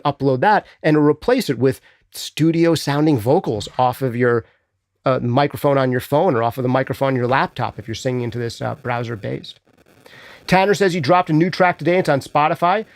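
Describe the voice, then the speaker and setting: A man's voice: medium pitch, dry recording. Chatty man on a dry close mic. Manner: chatty, animated, thinks aloud with fillers. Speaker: host answering chat questions. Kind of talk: casual livestream chat.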